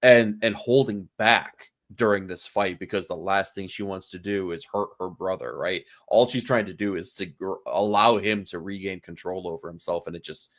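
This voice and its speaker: A man's voice: deep voice, normal speed, hardly any pauses, fairly bright tone. A man co-hosting a casual comic book podcast, earnest and analytical, repeating phrases for emphasis. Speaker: podcast co-host.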